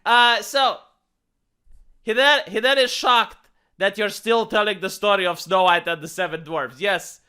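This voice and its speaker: A man's voice: high voice, unhurried, sharp tone, clear, resonant tone. A man ranting in a sarcastic, mocking commentary vlog. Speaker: commentary vlogger.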